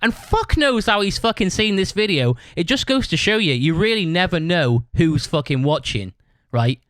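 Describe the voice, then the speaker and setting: A man's voice: high-pitched, lively intonation, moderate pace, fairly bright tone, dry recording. A man hosting a podcast, telling a rambling story, swearing constantly and tagging his sentences with "right?". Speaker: podcast host. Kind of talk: casual storytelling monologue.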